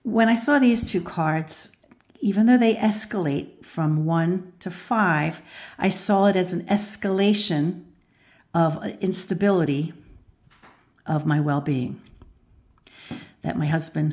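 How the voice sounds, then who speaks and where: A woman's voice: lowish voice, darkish tone. A woman, older, giving a casual tarot reading, thoughtful and rambling, with many restarts and "you know" fillers. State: out of breath at times. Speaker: tarot reader and channel host.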